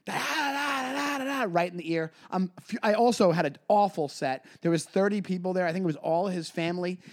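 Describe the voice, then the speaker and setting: A man, co-hosting a podcast and telling a story in casual chat, acting out other people in high voices. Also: a little mellow. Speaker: podcast co-host, comedian.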